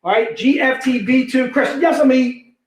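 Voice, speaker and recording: A man hosting a live comic book sale, pitching deals in energetic, repetitive, joking hype talk. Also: moderate pace. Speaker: host selling comic books. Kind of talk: live online sales pitch. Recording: echoey room.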